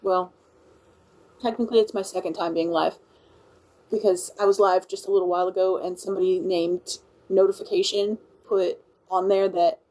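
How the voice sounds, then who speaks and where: A woman's voice: lowish voice, darkish tone, low-quality recording. A woman from Louisiana with a country and Cajun accent, chatting casually on a livestream and thanking her viewers as she rambles. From Louisiana, USA. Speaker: livestream host. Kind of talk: casual live-stream chat.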